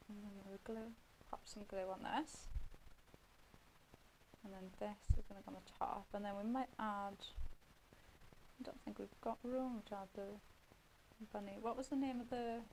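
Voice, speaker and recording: A woman talks viewers through a craft project on live television, keeping up a friendly running commentary as she works. Her voice has a gravelly, creaky edge at a middling pitch. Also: fairly even intonation, moderate pace, long pauses, a little mellow, a little hiss or hum, rough recording. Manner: chatty running commentary while working with her hands. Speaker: craft demonstrator.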